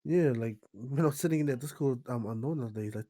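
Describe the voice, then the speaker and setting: A man's voice: mid-range voice, expressive, racing, mellow. A young man with a New Zealand accent chatting as a podcast guest, laughing, swearing and playful. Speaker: guest musician. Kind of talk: casual podcast chat.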